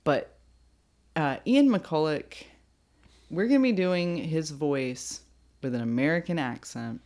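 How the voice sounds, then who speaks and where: A woman's voice: sits low, expressive, slow pace, a little mellow. A woman hosting a podcast in casual chat, giggly, rambling and playful. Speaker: podcast host.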